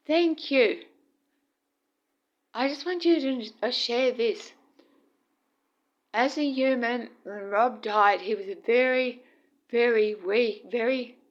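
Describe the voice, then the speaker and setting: A woman narrating a home video at night, speaking softly and tenderly to her late husband. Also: fairly high pitch. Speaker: vlogger. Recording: dull lo-fi phone recording.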